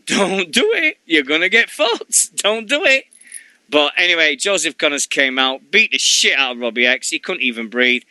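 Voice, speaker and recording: A man's voice: fairly high pitch, bright, forceful tone, no echo. A middle-aged man hosting a wrestling radio show, rambling and jokey in casual chat, swearing freely.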